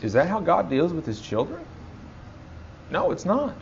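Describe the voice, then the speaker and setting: A man's voice: on the high side, wildly swooping pitch, moderate pace, creaky, lo-fi sound, a little hiss or hum. A man in his thirties preaching a sermon with passion, repeating phrases for emphasis and acting out quotes. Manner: impassioned, dramatic quoting, repeats for emphasis. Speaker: pastor.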